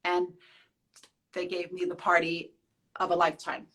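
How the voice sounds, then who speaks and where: A woman's voice: fairly low pitch, little pitch movement, moderate pace, fairly bright tone, faint music behind, poor audio. A woman in her forties, hosting a casual live question-and-answer with fans, telling personal stories in a chatty way with many restarts. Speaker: show host.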